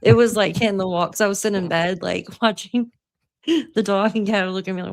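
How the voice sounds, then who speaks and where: A woman's voice: medium pitch, a little fast. A woman hosting a casual livestream from home, chatty and laughing often, swearing freely. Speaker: livestream host. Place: at home by her computer.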